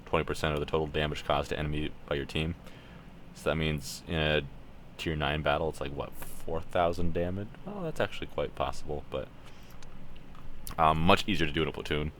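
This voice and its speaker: Very deep-voiced Canadian man. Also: fairly even intonation, brisk, a bit bright, a little hiss or hum. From Ontario, Canada. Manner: casual, thinking aloud, matter-of-fact. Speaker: streamer. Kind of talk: live gameplay commentary.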